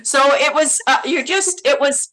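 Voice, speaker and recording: A middle-aged woman from Canada, an actress and podcast guest, telling on-set stories in a lively, laughing way, often repeating words as she goes. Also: sits high, unhurried, rough recording. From Canada, Manitoba. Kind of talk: casual interview chat.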